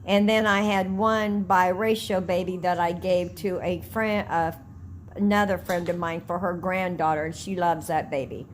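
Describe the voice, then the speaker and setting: An older woman with a fairly low voice talks to her viewers. She rambles through stories about her dolls in a chatty, easygoing way. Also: a little hiss or hum. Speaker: doll collector. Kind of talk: casual talk to camera.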